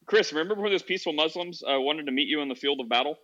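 A man hosts a casual call-in show, his voice bright and forward. He talks calmly and rambles with fillers. The audio is dull and lo-fi. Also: fairly high pitch, racing. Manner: calm, chatty storytelling with many fillers. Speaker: podcast host.

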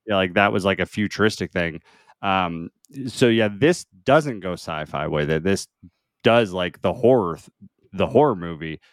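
A man's voice: sits low, normal speed, dry recording, studio quality. A young man co-hosting a podcast, chatting casually and laughing along. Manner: relaxed, laughs along, some fillers. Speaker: podcast co-host. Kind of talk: casual chat.

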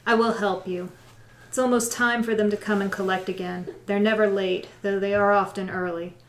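A man voicing a soft grave druid priestess. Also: high-pitched, level tone, normal speed, reverberant, voice pushed up, rough recording. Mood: solemn. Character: calm stern woman druid priestess.

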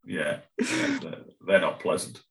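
A man's voice: on the low side, huge pitch swings, slow, vocal fry, sharp tone. A young man, a band member chatting as a podcast guest, rambling, laughing and swearing freely. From England. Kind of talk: casual podcast chat.

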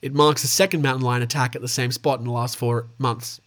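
A man's voice: medium pitch, fairly even intonation, fairly quick, fairly bright tone. A man with an Australian accent hosting a casual show, reading out animal news stories and tossing in swearing asides. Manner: stumbles over names, swears in asides.

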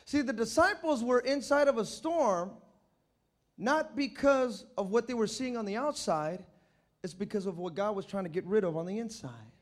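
High voiced pastor guy in church, super animated, yelling bits of his stories. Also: normal speed. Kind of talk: sermon with storytelling.

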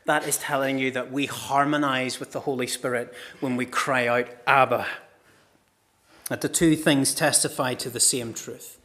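A middle-aged man, a pastor preaching a sermon with passionate storytelling, moving from loud cries to hushed words. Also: mid-range voice, steady tone, moderate pace.

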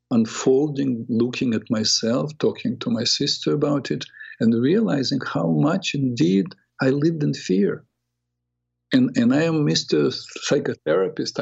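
An older man, a psychotherapist hosting a talk show, telling a personal story in an earnest, reflective way with halting restarts. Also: medium pitch, gravelly, darkish tone, slightly rough. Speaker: radio show host and psychotherapist. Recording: dull lo-fi radio audio.

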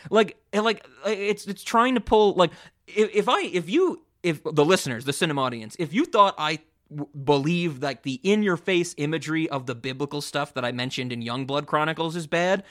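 Speaking at a moderate pace with a fairly high pitch, a male podcast co-host retells a story in a rambling, lively manner. He swears often and restarts himself again and again.

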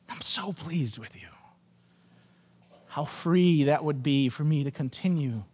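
A man preaching a sermon as pastor, earnest, repeating key phrases and dropping low for emphasis. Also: in a large hall.

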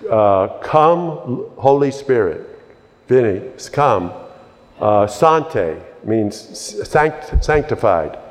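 A man's voice: medium pitch, a little mellow, in a large hall. A man preaching a fervent sermon, repeating his phrases and breaking into hallelujahs.

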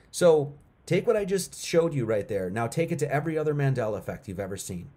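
Fairly quick and full of big pitch swings, his mid-range, darkish voice carries a casual livestream. The middle-aged host talks emphatically to viewers and keeps repeating points for effect.

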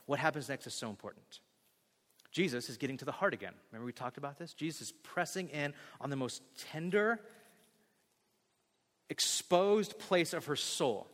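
A man's voice: a little high, normal speed, big-room sound. A male pastor preaching a sermon in a church, acting out scenes and joking with the congregation. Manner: animated, acts out scenes, jokes with the congregation. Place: church sanctuary.

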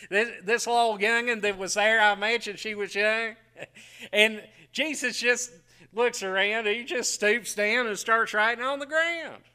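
A middle-aged man preaching a folksy sermon, telling homey stories with frequent chuckles and quiet asides. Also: high-pitched, steady tone, unhurried, clear, resonant tone.

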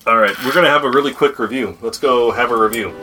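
A woman's voice: rumbling low, fast, over music. A woman hosting a casual family podcast, playful and jokey, laughing easily at her own puns. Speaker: podcast host.

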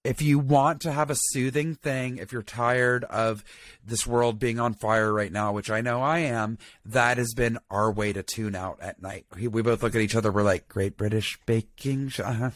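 A man's voice: mid-range voice, moderate pace, dry recording. Chatty male co-host, dry sound. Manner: chatty, animated storytelling. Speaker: podcast co-host. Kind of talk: casual chat.

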